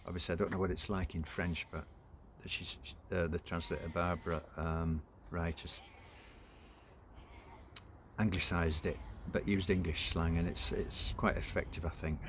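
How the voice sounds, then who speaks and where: A man's voice: low-pitched, flat delivery, moderate pace, slight background noise. A man casually retelling and reading a novel, chatty and hesitant with personal asides. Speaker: book reader.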